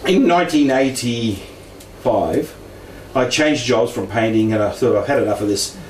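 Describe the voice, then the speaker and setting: A middle-aged man from Australia, speaking a little slowly in a slightly mellow mid-range voice, tells a casual personal story about the paranormal. He laughs often and voices the people he quotes. The room is echoey, the mic distant, and there is faint noise.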